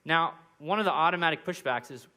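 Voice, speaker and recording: A young man preaching from the pulpit in a bright, forceful voice that sits a touch high for a man. He moves through his points one by one and now and then acts out what people say in conversation. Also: a little fast. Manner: numbered points with acted example quotes. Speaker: pastor. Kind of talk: sermon. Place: church.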